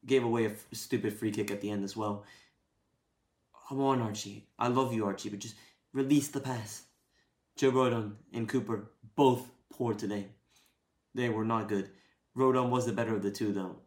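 A man's voice: lowish voice, steady tone, normal speed, long pauses. Man, football fan podcast, frustrated post-match rant, blunt and sweary, echoey room.

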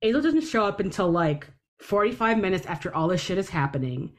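A woman's voice: medium pitch, animated, brisk. A woman co-hosting a podcast in casual chat, talkative, with dry humor and frequent swearing. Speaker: podcast co-host. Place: city.

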